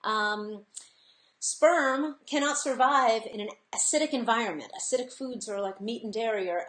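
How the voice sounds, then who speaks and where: A woman's voice: on the high side, moderate pace, fairly bright tone. Chatty woman presenting in an echoey room. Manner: chatty, earnest, laughs often, many fillers. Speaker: webinar host. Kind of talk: casual presentation.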